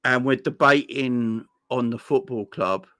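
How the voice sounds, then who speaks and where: A man's voice: medium pitch, measured pace, a bit bright, no echo. A man hosting a casual live chat, reading viewer comments aloud, laughing often and calling people "my friend.". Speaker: livestream host.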